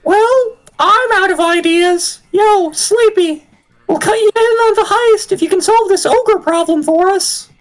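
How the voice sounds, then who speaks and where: A streamer voicing a brash, reckless demon student in a much higher voice, shouting gleefully while reading game dialogue aloud with friends. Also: measured pace, soft background music. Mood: triumphant. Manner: shouty, gleeful, over the top.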